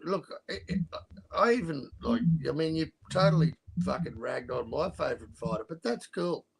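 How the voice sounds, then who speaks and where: Earnest man with a gravelly voice. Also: fairly high pitch, lively intonation, normal speed, slight background noise. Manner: earnest, stumbling, says mate. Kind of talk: casual boxing chat.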